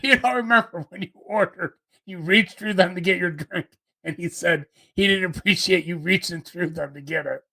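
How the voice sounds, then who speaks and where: A man chimes in during a casual podcast chat, teasing his co-host. His voice sits high and has a gravelly fry. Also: normal speed, bright, forceful tone. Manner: teasing, interjecting.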